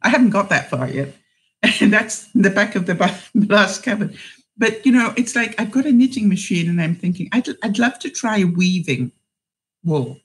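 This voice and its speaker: A woman's voice: mid-range voice, expressive, moderate pace, rough recording. A woman hosting a casual livestream, chatting in a rambling way, laughing often and reading out viewer comments.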